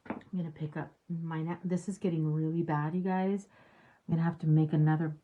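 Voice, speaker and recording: A woman's voice: low-pitched, flat delivery, a little fast. Chatty woman murmuring while she paints. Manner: chatty, drops to murmured whispers while working. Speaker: painting livestream host. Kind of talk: casual chat while painting. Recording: dull lo-fi sound with faint hiss.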